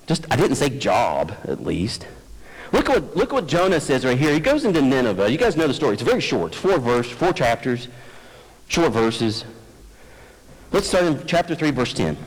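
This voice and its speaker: A man preaching a sermon as pastor, conversational and self-deprecating, addressing his congregation. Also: medium pitch. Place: church sanctuary. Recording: long church hall reverb.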